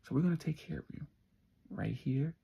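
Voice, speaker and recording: A man doing a cold, husky traitorous lover. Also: a little high, a little fast, dark tone, lo-fi sound, pitched above the performer's own voice, exaggerated voice. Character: treacherous male lover, cold and calm.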